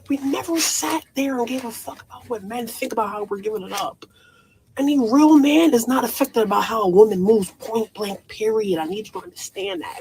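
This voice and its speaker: A woman with a deep voice and a New York accent, ranting bluntly and profanely outdoors in a storm. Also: a little mellow, a little hiss or hum, rough recording. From New York City. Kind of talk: ranting to camera.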